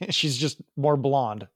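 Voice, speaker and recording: A man's voice: mid-range voice, animated, drawn-out words, no echo, studio quality. A man co-hosting a podcast, chatting casually and rambling through jokes about films. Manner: rambling, joking. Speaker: podcast co-host. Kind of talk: casual chat.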